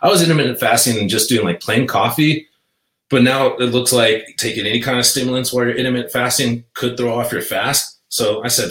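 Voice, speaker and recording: A man's voice: mid-range voice, fairly quick, fairly bright tone. A man in casual podcast chat, laid-back and saying dude and bro a lot. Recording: roomy echo.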